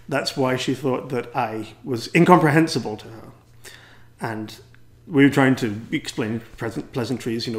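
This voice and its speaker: Wry English priest telling a story. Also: male voice, mid-range voice, normal speed. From England. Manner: wry, rambling, self-deprecating. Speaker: priest and teacher. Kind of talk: anecdotal talk to a gathering.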